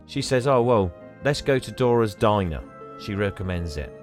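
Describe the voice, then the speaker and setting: An English man co-hosting a casual podcast, retelling a story and putting on quick voices for the characters' lines. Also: lowish voice, lively intonation, soft background music. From England. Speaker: podcast co-host. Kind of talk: casual chat retelling a film plot.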